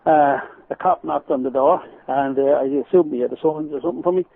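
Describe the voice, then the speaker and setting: An Irish man, a radio guest, telling stories in an animated way and laughing as he goes. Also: on the high side, fast, gravelly, no room sound. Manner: animated storyteller, laughs while telling anecdotes. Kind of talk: phone-in radio interview. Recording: tinny phone line, dry.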